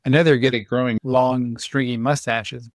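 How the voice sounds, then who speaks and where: A man's voice: medium pitch, flat delivery, normal speed, no room sound. A man hosting a podcast in casual chat, with dry, wry humor. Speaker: podcast host.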